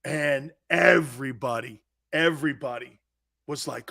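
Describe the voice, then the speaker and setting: Loud, animated sports talk show host. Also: male voice, fairly high pitch, moderate pace. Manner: loud, laughing, impersonates family in quotes.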